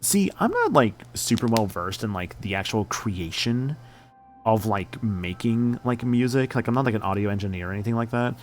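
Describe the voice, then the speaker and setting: A man's voice: lowish voice, lively intonation, moderate pace. A man in his late twenties streaming a game and chatting casually, rambling and laid-back, swearing a lot. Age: late 20s.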